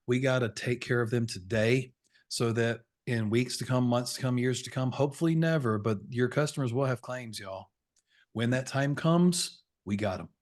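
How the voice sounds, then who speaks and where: A man around forty, coaching insurance sales over a video call in a folksy, fired-up, preachy way. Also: medium pitch. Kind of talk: energetic webinar training talk.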